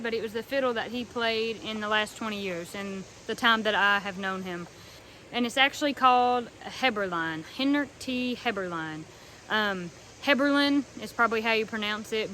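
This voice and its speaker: A young woman from North Carolina speaks in an earnest, soft way, pausing with ums as she shows a fiddle. Her voice sits a little high, with a faint background hiss in the recording. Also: poor audio. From North Carolina, USA. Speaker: fiddler showing her instrument. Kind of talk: casual heartfelt talk to camera.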